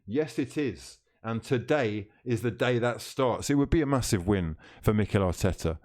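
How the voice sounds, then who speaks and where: A man's voice: mid-range voice, animated, normal speed, a little mellow. A man hosting a live football watchalong stream, reading out chat comments, teasing viewers and laughing often.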